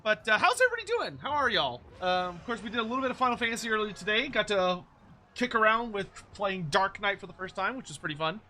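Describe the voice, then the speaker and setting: A man from Texas with a plain General American accent, chatting casually with his live-stream viewers. His voice sits high and sounds very bright and sharp. He rambles, restarts his sentences and laughs often. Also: big pitch swings, fast talker. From Texas, United States. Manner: laughs easily. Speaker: livestream host.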